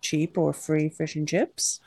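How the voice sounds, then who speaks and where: A woman's voice: sits low, fairly even intonation, slow pace, a little mellow. A woman tabletop game player speaking politely and unhurriedly, in and out of character. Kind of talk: casual in-character chat.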